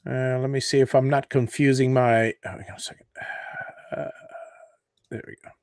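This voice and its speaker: A man hosting a live CNC tutorial, walking viewers through design software while thinking aloud, with fillers and self-corrections. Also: medium pitch, level tone, normal speed, clear, resonant tone, no echo, clean studio sound. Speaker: host of a CNC woodworking show.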